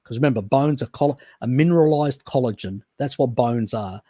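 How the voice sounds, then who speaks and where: A man's voice: medium pitch, moderate pace, dark tone, no echo, studio quality. An Australian man hosting a live stream, chatting loosely and answering viewer questions with restarts and chuckles. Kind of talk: casual chat, reading and answering viewer questions.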